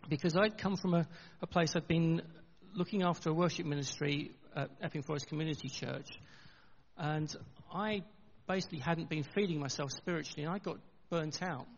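Man, middle-aged, pastor giving a sermon; gravelly, earnest, chatty with restarts, reverberant church, dull lo-fi sound. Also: fairly high pitch, slight background noise. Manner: earnest, conversational with halting restarts. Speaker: preacher.

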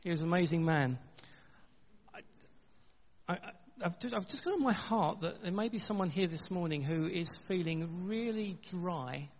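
Man, middle-aged, pastor giving a sermon; gravelly, earnest, chatty with restarts, reverberant church, dull lo-fi sound. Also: high voice, animated. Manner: earnest, conversational with halting restarts. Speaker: preacher.

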